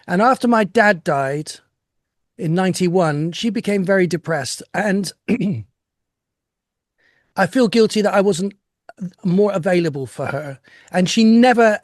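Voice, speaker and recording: Older guy, pretty high voice, dry close sound, chatting from home, laughs a lot, restarts lines. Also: no echo. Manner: reflective, with self-deprecating laughs and restarts. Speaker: interview guest. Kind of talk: casual chat.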